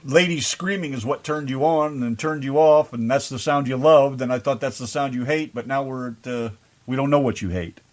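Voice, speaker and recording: A man's voice: mid-range voice, normal speed, no room sound. A man hosting an internet radio interview, reading out numbered questions in a teasing way. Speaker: radio show host.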